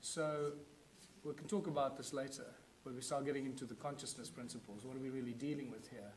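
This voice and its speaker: A man's voice: mid-range voice, steady tone, fairly quick, slight background noise. Man lecturing in an echoey room. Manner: explanatory, points things out to the audience. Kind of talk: conference lecture with demonstrations.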